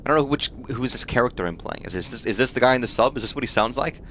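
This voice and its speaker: A man's voice: mid-range voice, expressive, racing, fairly bright tone, slight background noise. A man hosting a let's play, muttering and swearing at the screen, with startled reactions. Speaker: host of a gaming channel.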